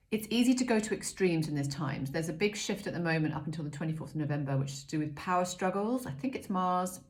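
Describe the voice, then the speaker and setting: Doing an oracle reading, a middle-aged card reader speaks in a low, gentle voice and keeps things chatty. She says "um" often and pokes fun at herself now and then while offering casual spiritual guidance.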